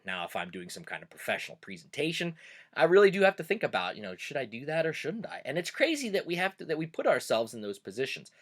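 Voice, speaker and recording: A middle-aged man from Pennsylvania with a Pennsylvania Dutch accent, a teacher hosting a casual, reflective video talk with plenty of fillers. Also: medium pitch. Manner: conversational, reflective, many fillers. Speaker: host of a cultural video series; German teacher.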